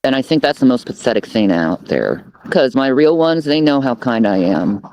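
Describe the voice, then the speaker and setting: A man's voice: mid-range voice, very animated, moderate pace, a little mellow. A man livestreaming from outdoors, talking in a bitter, defiant and profane way. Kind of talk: livestream monologue.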